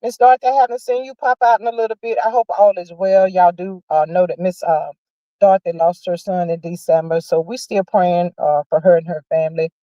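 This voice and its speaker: A woman hosting a casual livestream, chatting about celebrity news in a sassy, drawn-out way and calling viewers honey and child. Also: on the low side, fairly even intonation, mellow, no echo, dull audio. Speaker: livestream host. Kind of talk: casual gossip chat.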